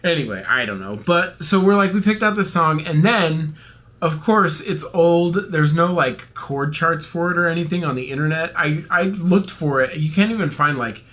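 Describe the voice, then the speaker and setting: Bright-voiced young man telling a rambling story. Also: a little high, lively intonation, normal speed. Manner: rambling storyteller, jokey, laughs often. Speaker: podcast co-host. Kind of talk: casual chat.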